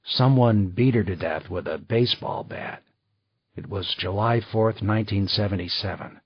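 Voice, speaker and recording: A man's voice: fairly low pitch, normal speed, breathy edge, dry recording. A man voicing a guarded, terse male detective in an audiobook reading. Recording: slightly dull dry recording.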